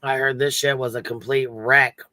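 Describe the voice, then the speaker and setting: A man's voice: mid-range voice, steady tone, moderate pace, sharp tone, no echo, studio quality. A man joining a livestream panel, chatting casually and teasing in a wry way. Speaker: panel guest. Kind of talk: casual chat.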